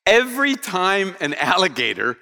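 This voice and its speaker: Animated preacher in a reverberant hall. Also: male voice, sits high, normal speed, creaky. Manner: animated storytelling with rhetorical questions to the congregation. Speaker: pastor. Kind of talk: sermon.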